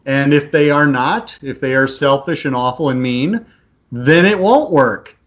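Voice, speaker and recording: A man who is a podcast guest, chatting casually and telling animated stories, acting out the voices of other people. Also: medium pitch, a little slow. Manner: animated storyteller, acts out voices in anecdotes. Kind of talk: casual chat, storytelling.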